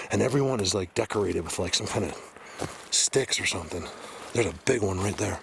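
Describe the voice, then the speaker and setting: A man vlogging while hiking through a forest, excitedly pointing things out to his viewers in casual walk-and-talk. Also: sits low, normal speed, gravelly, a little hiss or hum. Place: forest outdoors, hiking uphill.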